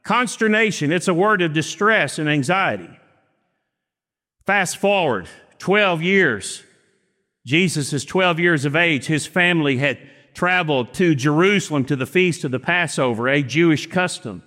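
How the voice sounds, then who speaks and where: Preacher with a ringing hall echo. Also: male voice, on the high side, expressive, pushed and bright. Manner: storytelling with acted-out dialogue, slow emphatic phrasing. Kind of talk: sermon. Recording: long reverb of a church hall.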